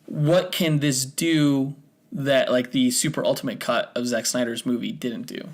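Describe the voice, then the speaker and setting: A young man co-hosting a podcast, talking in a relaxed, conversational way and leading the topics. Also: mid-range voice, unhurried. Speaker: podcast co-host. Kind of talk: casual podcast chat.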